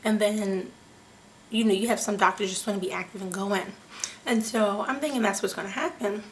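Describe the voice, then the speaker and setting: A young woman vlogger telling a personal story to her viewers in an animated, chatty way, often saying "like" and "you guys.". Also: mid-range voice, a little fast, slight background noise. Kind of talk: casual storytelling to camera.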